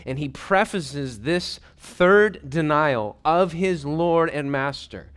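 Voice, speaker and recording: A male pastor preaching a sermon in a conversational, animated way, with folksy asides, who drops to hushed whispers when quoting. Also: a little high, slow, hardly any pauses, clear, resonant tone.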